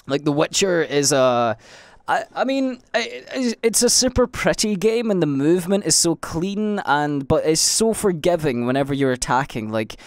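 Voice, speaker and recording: A young Scottish man talks alone into the mic for his podcast in a rambling, unscripted way, circling back with fillers and restarts and swearing freely. His voice sits a touch higher than most men's. The recording is dry and close, with no room around it. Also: expressive, normal speed, no room sound. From Scotland. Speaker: podcast host and livestreamer. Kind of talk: casual solo podcast monologue.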